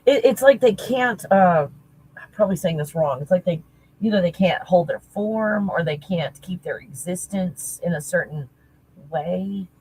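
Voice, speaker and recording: A woman talking casually as a spiritual teacher, halting and searching, correcting herself often. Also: fairly low pitch, lively intonation, a little mellow, husky, poor audio. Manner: halting, searching, self-correcting with nervous laughs. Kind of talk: casual channeling talk.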